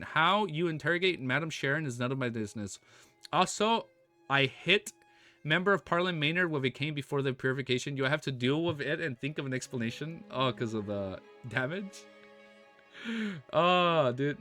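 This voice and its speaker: A man's voice: fairly high pitch, bright, forceful tone. A young American man reading a web novel aloud on a stream, stumbling over words and chatting with viewers in a casual way. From United States.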